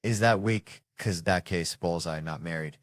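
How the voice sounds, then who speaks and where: A man's voice: deep voice, normal speed, no room sound, studio quality. A man in his forties doing a stand-up comedy routine on stage, telling loose, rambling stories with crude punchlines. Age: 40s. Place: comedy stage before a live audience.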